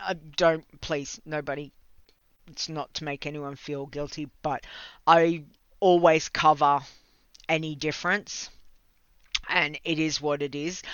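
A careful, hesitant speaker chats casually to viewers, restarting phrases as they go. The voice is bright and smooth, kept on a flat and even line. The recording is dry and a little dull, with a lo-fi edge. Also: mid-range voice, slow, long pauses, no room sound. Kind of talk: casual chat.

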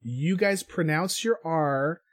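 A man's voice: on the high side, takes it slowly, no room sound, clean studio sound. A man co-hosting a casual podcast, joking around while reading out rankings. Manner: jokey, playful.

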